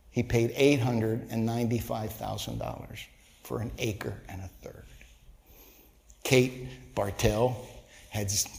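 A man, a pastor, telling a folksy story in a sermon, growing animated and loud at its climax. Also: on the low side, creaky, in a large hall. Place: church sanctuary.

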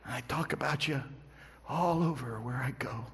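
Gravelly pastor preaching in an echoey hall. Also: male voice, medium pitch, moderate pace. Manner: storytelling, swings from hushed to fervent shouting. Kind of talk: sermon. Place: church sanctuary.

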